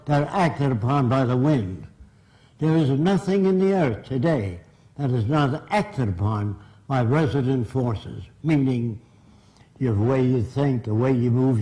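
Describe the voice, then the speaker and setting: A man's voice: medium pitch, warm tone, poor audio. An older man from Brooklyn, giving a blunt, emphatic public lecture. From Brooklyn, New York.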